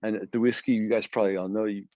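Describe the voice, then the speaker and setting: A man's voice: lowish voice, racing, dry recording. Casual rambling guy from philly telling stories, dry muffled audio. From Philadelphia area, USA. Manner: rambling, animated storyteller with many restarts. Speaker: guest guitarist. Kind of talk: storytelling interview chat.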